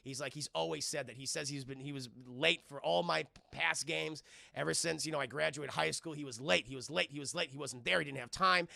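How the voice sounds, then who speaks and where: Guy doing a live movie recap, super gravelly, swears a lot, keeps talking to chat. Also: fairly high pitch, steady tone, a little fast, sharp tone, no echo, clean studio sound. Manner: profane, rambling, keeps addressing chat. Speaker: film reviewer streaming live. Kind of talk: casual live-stream film recap.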